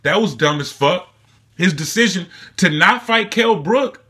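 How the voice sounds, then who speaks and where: A husky-voiced young man rants with heated scorn, swearing through nearly every line. His tone is forceful and tense, pitched a little high for a man. It sounds like a casual, unscripted commentary vlog. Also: expressive, unhurried. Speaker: boxing commentary vlogger. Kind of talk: profane casual rant.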